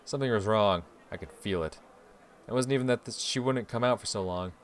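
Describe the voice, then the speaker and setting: A man's voice: lowish voice, fairly quick. A man hosting a game playthrough, reading the story aloud expressively with swearing asides. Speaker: let's play host.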